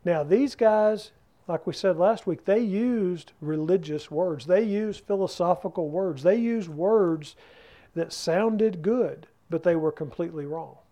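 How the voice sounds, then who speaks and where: A man's voice: high-pitched, measured pace, mellow. A man teaching a Bible study in a church class room, talking conversationally and keeping the group involved by asking them questions.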